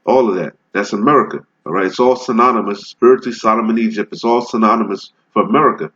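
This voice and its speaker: A man teaching from scripture, reading verses slowly and explaining them in casual talk, checking in with "all right?" after almost every line. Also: on the low side, fairly bright tone. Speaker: bible teacher. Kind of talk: street-style scripture teaching. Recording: dull lo-fi recording.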